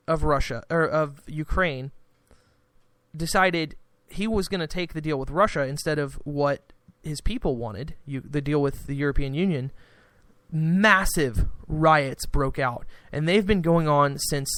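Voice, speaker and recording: A man's voice: a little high, measured pace, fairly bright tone, no room sound. A man hosting a podcast, rambling through casual political commentary with frequent restarts. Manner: rambling, restarts, acts out quoted exchanges. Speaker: podcast host.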